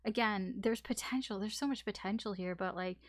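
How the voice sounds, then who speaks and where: A woman's voice: mid-range voice, fairly quick, no room sound, clean studio sound. A woman giving a casual tarot reading, talking frankly with fillers and swearing. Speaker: tarot reader.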